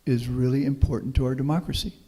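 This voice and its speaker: Born in Houston, Texas, this man is a guest speaker and professor giving a public talk with Q&A in a folksy, anecdotal, optimistic manner. His mid-range voice is husky and dark, fast, with fairly even intonation. The meeting hall leaves a long reverb.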